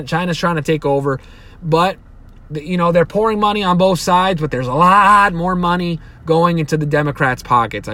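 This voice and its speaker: A young man delivers a solo podcast rant, his voice sitting slightly high. He swears freely, trips over restarts and circles back on his points as his temper rises. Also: a bit bright. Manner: profane, heated, rambling with restarts. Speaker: podcast host. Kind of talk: opinionated solo podcast monologue.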